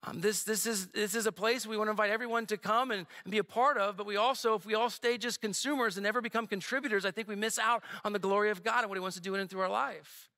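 A man preaches from the pulpit with a very high, bright voice. He talks in a loose, conversational way, cracking jokes and slipping in asides to his church. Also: steady tone, fast, few pauses. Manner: conversational and joking, with frequent asides. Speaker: pastor. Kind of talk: sermon. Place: church sanctuary.

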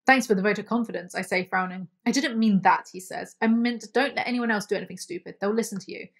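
A young woman reads a novel aloud, keeping the quoted dialogue fairly flat. She keeps cutting in with dry, sarcastic asides and plenty of swearing. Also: medium pitch, fast talker, creaky. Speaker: book commentary youtuber.

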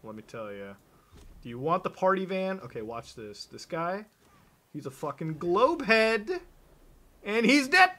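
A man streaming a video game live, commenting as he plays and reading chat messages in a profane, excitable and mocking manner with sudden shouts. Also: sits high, unhurried.

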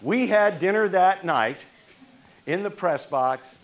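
A man's voice: high-pitched, lively intonation, slow pace, background noise. An older man from New York performing a one-man stage monologue, telling his own story and acting out the people in it.

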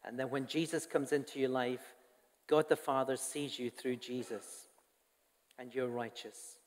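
This man's delivery is flat and a little slow, in a mid-range voice. As a pastor, he addresses his congregation in a church hall with an earnest, conversational sermon and side comments to those in front, all under a long church reverb.

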